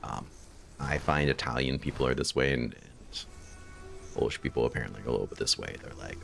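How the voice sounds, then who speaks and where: A man's voice: very deep voice, a little fast, gravelly, fairly bright tone, soft background music. A man streaming a video game, chatting casually with viewers and rambling aloud between remarks on the game. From United States. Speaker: gaming streamer. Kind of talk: casual gameplay chat with viewers.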